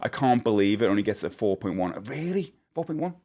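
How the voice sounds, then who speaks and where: Chatting casually with his live-stream viewers, a British man speaks fairly quickly in a low, mellow voice with big swings in pitch. He rambles, corrects himself along the way, and laughs often.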